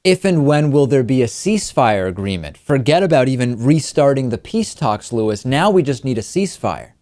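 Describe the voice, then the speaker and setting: A man's voice: medium pitch, very animated, a little mellow, no room sound. A man hosting a political talk show, giving emphatic, argumentative news commentary. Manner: emphatic, argumentative, quickens when pressing a point.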